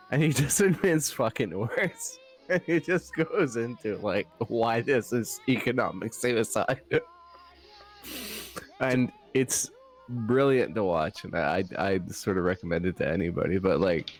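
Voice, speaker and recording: A man with a mid-range voice talks animatedly in a casual podcast chat. He laughs often and swears, with faint music underneath. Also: medium pitch.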